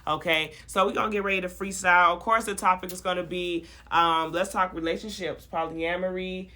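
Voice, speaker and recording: A woman's voice: fairly low pitch, steady tone, a little fast, sharp tone. A woman hosting a casual podcast, talking in an upbeat, playful, slangy way. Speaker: podcast host.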